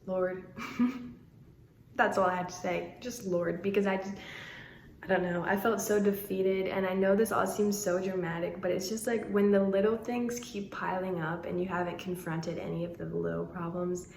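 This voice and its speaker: A woman in her twenties telling a story to her vlog audience in a chatty, animated way. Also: on the low side, moderate pace, vocal fry, slight background noise. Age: 20s. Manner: chatty, animated, laughing through the retelling. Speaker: vlogger. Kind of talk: casual storytime. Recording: echoey room.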